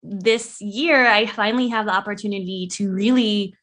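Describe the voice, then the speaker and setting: An animated young woman in casual chat with a close friend. She laughs easily, swears freely, and sits at a middle pitch. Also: moderate pace.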